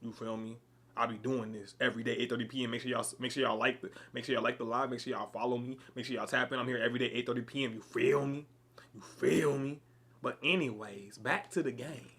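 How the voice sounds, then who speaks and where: A man's voice: mid-range voice, steady tone, fast, fairly bright tone, husky. A man from Chicago with a Chicago accent, chatting loosely with viewers during a live game stream. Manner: loose and playful, addresses viewers by name. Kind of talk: casual live-stream chat.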